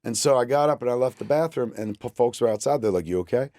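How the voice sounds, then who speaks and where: A man's voice: mid-range voice, fast talker, dry recording. A man in his forties, a guest on a talk show, telling a story in casual, profane fashion and acting out what people said, recorded on a studio microphone. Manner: profane, animated storyteller who acts out quotes.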